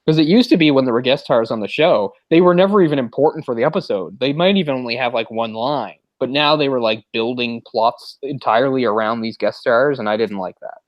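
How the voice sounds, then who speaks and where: A man's voice: mid-range voice, a little fast, few pauses, no room sound, muffled recording. A man chatting casually over a movie, rambling with lots of filler words. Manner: rambling, lots of "like" fillers, puts on mock voices when retelling scenes. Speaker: commentary host. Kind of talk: casual movie watch-along chat.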